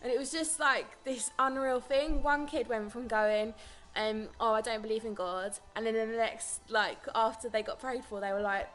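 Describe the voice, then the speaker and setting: A woman's voice: fairly high pitch, fairly bright tone. A young British woman chatting casually to camera as a vlogger, telling stories in a rambling way. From Britain. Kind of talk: casual vlog chat.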